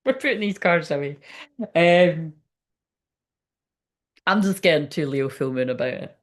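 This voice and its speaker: A low-pitched, expressive Scottish voice delivers a casual live tarot reading at a slightly slow pace. The speaker is an adult spiritual reader on a livestream with ten years online behind her. She's sweary, chatty and blunt, leaning heavily on fillers.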